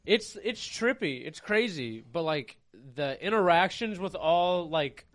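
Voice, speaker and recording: A man's voice: high-pitched, expressive, unhurried. A man in casual podcast chat, laid-back and profane, often laughing as he talks. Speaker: podcast co-host.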